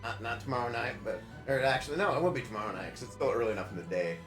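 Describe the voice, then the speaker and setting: A man's voice: mid-range voice, rapid-fire. A man narrating a tabletop game as game master, hesitant and full of fillers. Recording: roomy sound with music behind.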